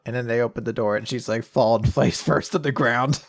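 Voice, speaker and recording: A man's voice: mid-range voice, brisk, few pauses. A man hosting a podcast, casually recapping comics, swearing and jumping into quoted voices. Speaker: podcast host.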